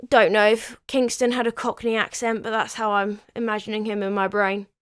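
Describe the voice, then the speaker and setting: A woman's voice: mid-range voice, little pitch movement, brisk, few pauses, smooth, dry recording, clean studio sound. A woman hosting a history video, telling the story in a scripted but conversational way, with chatty asides.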